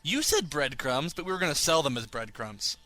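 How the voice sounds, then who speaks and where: A man's voice: on the high side, very animated, fairly quick, bright, forceful tone. A young man co-hosting a casual comedy podcast, joking around and reading listener emails with mock drama. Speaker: podcast co-host.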